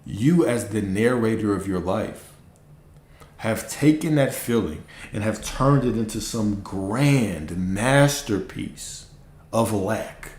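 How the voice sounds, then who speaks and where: Man, low voice, blunt preachy coaching talk, echoey room. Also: animated, slow, darkish tone. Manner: blunt, preachy, profane, mocks listeners in high put-on voices. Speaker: manifestation coach. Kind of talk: casual livestream talk.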